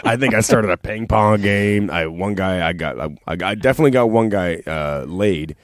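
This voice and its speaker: A man's voice: deep voice, normal speed, dry recording, studio quality. A man in his forties, a podcast co-host telling crude, laughing travel stories in casual chat. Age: 40s.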